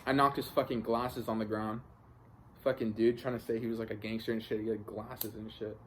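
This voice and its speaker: A man's voice: on the low side, flat delivery, a little fast, slight background noise. A young man telling a story in a casual vlog, rambling, swearing often and filling with "like". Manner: rambling, profane, filler-heavy retelling. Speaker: vlogger.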